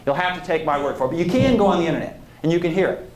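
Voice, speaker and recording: A man's voice: on the high side, lively intonation, racing. Man lecturing in an echoey hall. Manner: conversational, digressive, asks the audience questions. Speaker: historian giving a public lecture. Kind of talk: public lecture.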